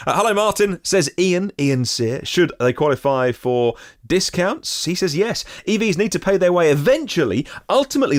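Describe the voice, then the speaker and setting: Lively male podcast host with dry sound. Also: medium pitch, no room sound. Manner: wry, sarcastic asides between readings. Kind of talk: daily news podcast, reading listener comments.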